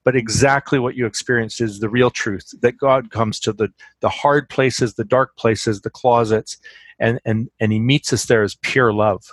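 Man, mid-pitched voice, animated conversational teaching, emphatic repetitions, dry close mic. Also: normal speed, no echo.

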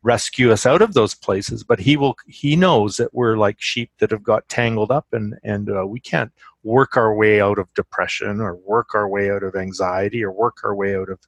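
A man speaking in a conversation about faith and ministry, animated and emphatic, repeating phrases for stress. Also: fairly low pitch, normal speed, no echo. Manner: warm, animated storyteller with emphatic repetitions.

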